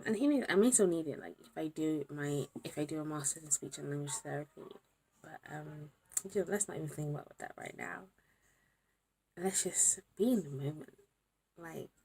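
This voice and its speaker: A woman's voice: sits low, vocal fry, a little mellow, a little hiss or hum. Tired young woman, whispery late-night vlog. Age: young adult. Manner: overwhelmed, drifts between whispering and exclamations. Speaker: vlogger.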